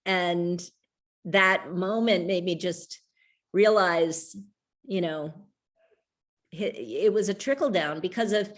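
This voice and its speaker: A woman's voice: medium pitch, takes it slowly, long pauses. A middle-aged woman speaking as an author guest, reflective and rambling, with frequent restarts and trailing thoughts. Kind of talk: conversational talk over a video call.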